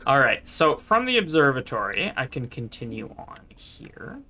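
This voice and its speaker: A man's voice: medium pitch, big pitch swings, moderate pace, sharp tone. A man chatting casually as he live-streams a video game, thinking aloud and laughing often.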